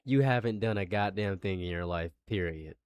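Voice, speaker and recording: A man's voice: low voice, moderate pace, clear, resonant tone, no echo, studio quality. A man streaming live commentary, stammering through restarts and building into exasperated rants.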